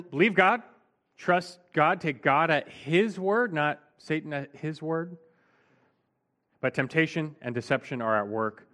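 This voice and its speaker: A man's voice: a little high, fairly bright tone. A man preaching an expository Bible teaching in a conversational, emphatic way, often saying "like".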